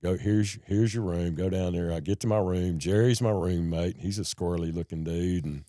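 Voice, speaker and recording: A middle-aged man, a podcast guest telling his story in a folksy, animated way and acting out the people in it. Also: low voice, moderate pace, no echo, clean studio sound. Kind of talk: casual storytelling conversation.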